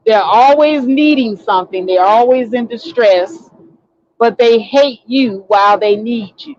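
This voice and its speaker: A woman's voice: fairly high pitch, measured pace, a little mellow, no echo, lo-fi sound. A woman telling a story in a casual, indignant, ranting monologue, acting out what people said. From Chicago. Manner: indignant, ranting storyteller who acts out quotes. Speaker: online talk show host.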